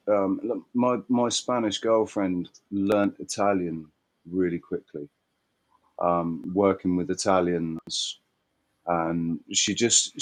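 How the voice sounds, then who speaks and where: A man's voice: deep voice, poor audio. A man chatting casually in a meandering, hesitant way and laughing easily. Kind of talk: casual chat.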